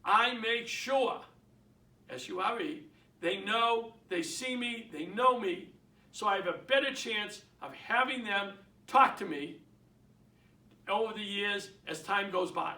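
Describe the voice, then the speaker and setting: A middle-aged man with a Boston accent, coaching real estate agents in an energetic, emphatic way and acting out phone calls. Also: high voice, slow pace, recorded from a distance. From Boston area. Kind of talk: instructional talk. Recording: echoey room, speaker away from the mic.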